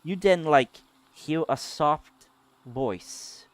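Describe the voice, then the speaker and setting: Slow-talking male game master. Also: mid-range voice, lively intonation. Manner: descriptive, searching for words with fillers. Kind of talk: narrating a tabletop game.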